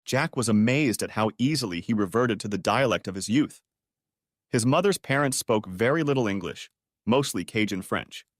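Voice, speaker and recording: A man narrating an audiobook story with expressive storytelling. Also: on the low side, moderate pace, dry recording, clean studio sound.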